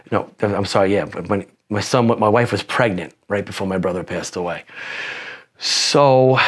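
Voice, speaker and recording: A man in his forties, a podcast guest telling personal stories in a rambling, profane way with many restarts. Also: fairly low pitch. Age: 40s. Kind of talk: casual interview storytelling.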